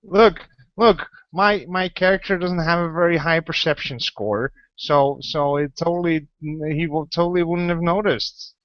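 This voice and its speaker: A man's voice: on the high side, unhurried, few pauses, dry recording, muffled recording. A man playing a tabletop game, talking hesitantly with many stammers. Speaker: player. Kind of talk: casual game play talk.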